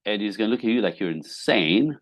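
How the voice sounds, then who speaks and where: Animated low-voiced male relationship coach. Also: quick pace, no echo. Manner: animated storyteller who acts out quotes, casual swearing. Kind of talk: podcast interview guest.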